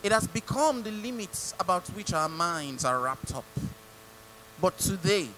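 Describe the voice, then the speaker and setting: Nigerian male preacher, lively swooping delivery, faint hum under the voice. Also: high voice, measured pace, rough recording. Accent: Nigerian English. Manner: animated, mimicking, rhetorical questions to the congregation. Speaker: pastor. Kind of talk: sermon.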